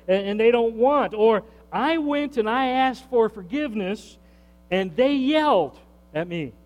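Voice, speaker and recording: A man with a notably high voice preaches a sermon to his congregation. He is animated, slips into acted-out voices of the people in his stories, and keeps checking in with the room. The sound rings in a long hall reverb, with a low electrical hum underneath. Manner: animated, acts out quoted voices, asks the congregation questions. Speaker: pastor.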